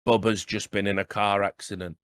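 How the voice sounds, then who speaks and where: A man's voice: on the low side, level tone, fairly quick, a bit bright, clean tone, voice pushed down, lightly acted. A man voicing a matter-of-fact woman with bad news. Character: calm middle-aged woman relaying bad news.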